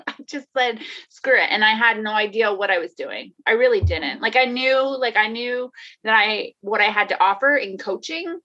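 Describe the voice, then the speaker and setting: A woman's voice: mid-range voice, expressive, normal speed, bright, forceful tone. A woman talking candidly in a casual conversation, laughing often, swearing and restarting her sentences. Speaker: guest, life coach. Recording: dull lo-fi sound.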